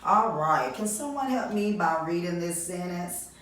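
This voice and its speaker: Teacher lady doing a kids reading lesson, slow and kinda low, sounds far off in a really echoey room. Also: animated, a bit bright. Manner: encouraging, sing-song praise and call-and-response prompts. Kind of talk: recorded reading lesson for young children.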